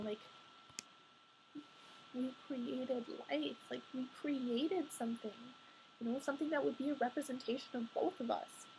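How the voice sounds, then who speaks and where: A woman's voice: a little high, creaky, slight background noise, rough recording. A young adult woman telling a personal story in a candid, confessional way, chatty and full of "like" fillers.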